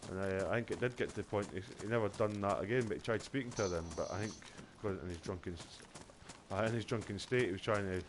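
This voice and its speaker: A man's voice: on the low side, quick pace, hardly any pauses, noisy background. A Scottish man streaming a game, telling stories in casual, sweary, rambling chat. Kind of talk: casual chat while gaming.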